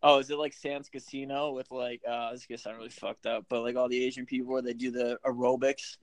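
A man's voice: mid-range voice, little pitch movement, fast. A man hosting a casual podcast, loose and profane, laughing often between remarks. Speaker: podcast host.

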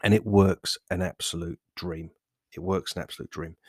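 A man's voice: sits low, steady tone, moderate pace, slightly rough, no room sound, clean studio sound. A man hosting a fitness podcast, talking in a rambling, self-correcting monologue. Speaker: podcast host.

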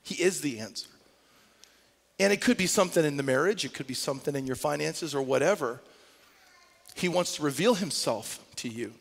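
A man preaching a sermon as pastor, telling a story with lively energy that climbs to near-shouts. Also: a little high, brisk, vocal fry, long reverb tail. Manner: animated storytelling, rising to shouts. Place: church sanctuary.

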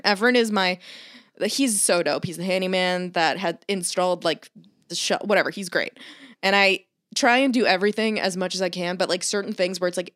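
A woman chatting casually as a podcast co-host, an animated storyteller who swears often and acts out what people said. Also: lowish voice, no echo, clean studio sound. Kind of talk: casual chat.

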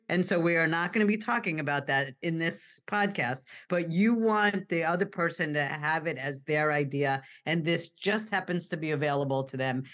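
A woman co-hosting a podcast, talking animatedly about recovery and acting out excited family members. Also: sits low. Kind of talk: casual podcast discussion.

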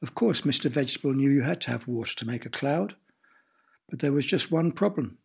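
A man narrating a children's story in a gentle, playful way, sometimes asking the listener questions. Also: mid-range voice, animated, fairly quick, vocal fry, husky.

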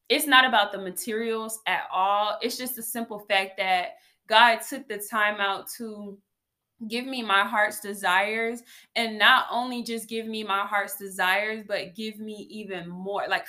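A woman vlogger sharing a faith testimony in a casual, animated way, often calling her viewers y'all. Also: mid-range voice.

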